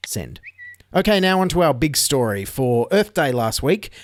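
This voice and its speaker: Sarcastic Australian man with lively pitch. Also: moderate pace. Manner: sarcastic, mocking asides. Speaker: podcast host. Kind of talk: comedic news commentary.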